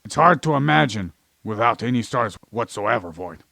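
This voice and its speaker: A man's voice: mid-range voice, expressive, normal speed, creaky, pushed and bright, dry recording. A man co-hosting a podcast, ranting and lecturing about science with plenty of swearing while playing an alien character in his ordinary voice. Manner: plays an alien persona in an ordinary voice. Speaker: podcast co-host. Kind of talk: rambling comedic science chat.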